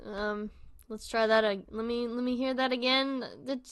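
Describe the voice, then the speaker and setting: A woman hosting a livestream rambles through casual reaction commentary into a close microphone, her talk full of fillers. Her voice is fairly high and fairly bright, clear and resonant, with fairly even intonation at a moderate pace.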